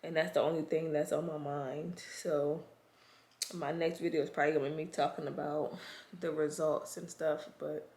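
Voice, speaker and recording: A woman's voice: sits low, little pitch movement, normal speed, darkish tone. Stressed woman venting to her viewers. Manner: talks straight to viewers, often says "y'all"; emotional, frustrated and anxious. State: stressed and overwhelmed. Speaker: pregnancy vlogger. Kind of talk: casual talk to camera.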